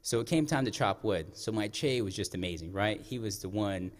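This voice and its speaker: A man from the Navajo Nation telling personal stories on stage, lively and conversational, talking straight to the audience. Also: on the low side, a little fast. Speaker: storyteller. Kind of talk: live stage storytelling. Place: stage of a performing arts center. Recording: echoey performing arts hall.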